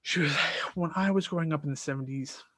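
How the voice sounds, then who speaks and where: Man retelling a heated argument, slightly high voice. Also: brisk, no room sound. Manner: animated, exasperated retelling of an argument; quotes both sides of a dialogue in his own voice. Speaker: podcast host. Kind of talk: casual storytelling monologue.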